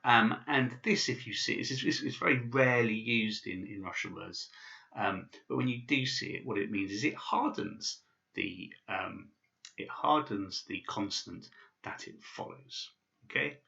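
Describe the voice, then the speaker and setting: A man's voice: mid-range voice, sing-song, moderate pace, vocal fry, bright, forceful tone, muffled recording. A man teaching basic pronunciation in a casual video lesson, with many fillers and restarts. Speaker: language teacher.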